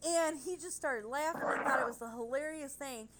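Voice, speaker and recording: A woman telling a rambling, animated story in casual chat. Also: high voice, moderate pace, heavy background noise.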